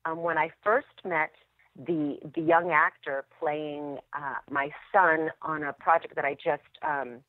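A woman actress telling stories as a podcast guest, animated and laughing often. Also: sits low, unhurried, no room sound. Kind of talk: interview storytelling. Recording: dry tinny phone line.

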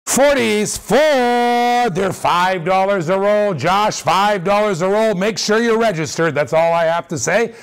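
Host type: high-pitched man, hyped live-auction caller, repeats himself a lot. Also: normal speed, hardly any pauses, clean tone. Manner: energetic, repetitive hype calls with laughs. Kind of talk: excited live-stream patter.

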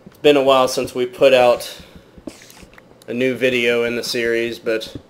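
A man's voice: medium pitch, little pitch movement, moderate pace, a little hiss or hum. A man giving let's play commentary in a jokey mock British accent, chatting to viewers and yelping at sudden threats in the game. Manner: startled yelps and exclamations at game threats; talks to viewers as "guys". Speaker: gaming channel host.

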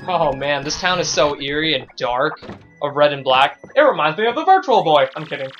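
A man hosting a video game let's play, joking and reading dialogue aloud excitedly. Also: a little high, moderate pace, dull audio, faint music behind. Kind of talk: gameplay commentary.

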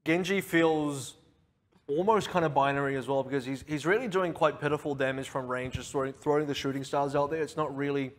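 Chatty, slightly high male esports caster. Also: steady tone, brisk, long reverb tail. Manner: chatty, laughs often, repeats words. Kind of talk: casual casting banter.

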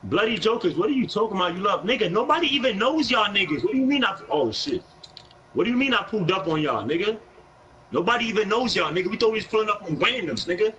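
A man's voice: high-pitched, big pitch swings, fast, bright, forceful tone, a little hiss or hum, rough recording. A young man with a New York accent, live-streaming a basketball video game, talking in brash, profane trash talk with an aggressive edge. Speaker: gaming streamer.

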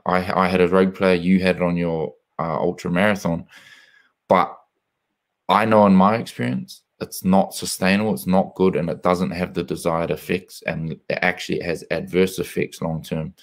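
A very deep-voiced man hosts a casual live chat, and his delivery is flat and even. He reflects slowly, with many ums along the way. He is talking over a video call. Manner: reflective, measured, many fillers. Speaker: host, former rugby player.

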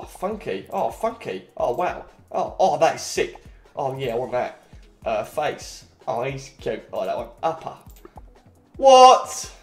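Guy chatting while gaming, highish voice, echoey room, bit of game music. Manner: excitable, chatty, quick cries and laughs. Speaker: gaming channel host. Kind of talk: casual game commentary. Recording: roomy echo, faint game music.

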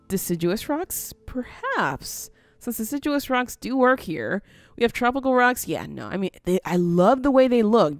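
This gaming video host, a woman from near the US-Canada border, speaks in a fairly low voice on a dry recording. She offers casual let's-play commentary on a building game, thinking out loud with frequent small laughs.

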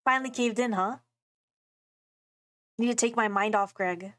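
A playful young woman streams a game and thinks aloud as she plays. Her voice sits fairly high. The sound is close and dry. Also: a little slow, fairly bright tone, dry recording. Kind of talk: game playthrough commentary.

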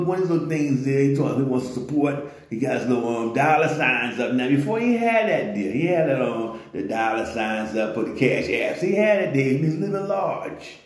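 A man delivers a loose, slang-heavy rant as vlog commentary. His voice sits on the higher side for a man. The room around him is very echoey. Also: darkish tone. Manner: loose slangy talk, many "you know what I'm saying". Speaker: vlogger. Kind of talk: ranting commentary.

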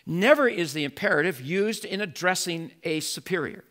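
Male pastor preaching, high lively voice, bright and punchy, gets really animated. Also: moderate pace. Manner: animated, rising to emphatic exclamations. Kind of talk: sermon.

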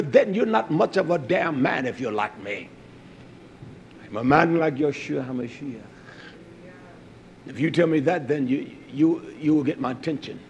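A man preaching a sermon, swinging between loud, rising exhortation and low, quiet storytelling. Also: lo-fi sound, a little hiss or hum.

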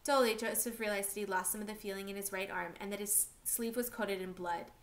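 A woman reading a novel aloud for a class, steady and expressive. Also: medium pitch, brisk, slight background noise.

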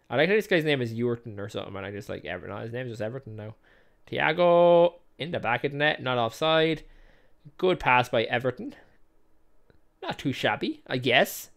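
Gravelly man commentating his own game. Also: mid-range voice, a bit bright. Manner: chatty, self-mocking, laughs often; calls match action play by play. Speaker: gaming video host. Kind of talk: casual let's-play commentary.

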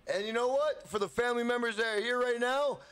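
A man's voice: very high-pitched, fast talker, smooth. A young man from Minnesota live streaming a game, chatting casually, swearing freely and hyping up his chat. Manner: hyped, profane, shouts out chat members.

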